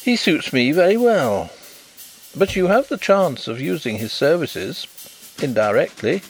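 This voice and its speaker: Period audiobook detective, cultured and wry, measured delivery, lively pitch, read by a man. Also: soft background music, rough recording.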